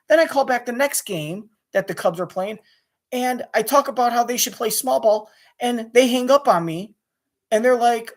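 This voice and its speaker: A man's voice: very high-pitched, expressive. A man ranting angrily about being cut off as a sports radio caller, swearing and restarting his sentences. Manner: rapid, restless, with many restarts and swearing. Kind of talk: angry profane rant to camera.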